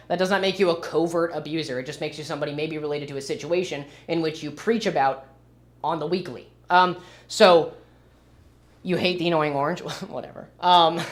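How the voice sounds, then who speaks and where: A young man streaming and commenting casually, with a rambling, sarcastic manner. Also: on the high side. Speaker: livestreamer.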